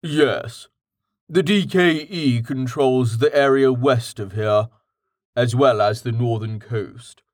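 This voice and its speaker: Male narrator as patient, well-read companion, matter-of-fact, mid-pitched. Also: slow, dry recording, studio quality, lightly acted. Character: patient man, well-read, calmly explaining.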